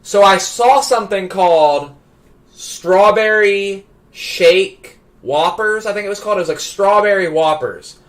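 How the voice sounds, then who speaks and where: High, bright-voiced male streamer. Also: unhurried. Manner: excitable, stammering restarts, builds to shouting. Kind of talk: animated anecdote telling.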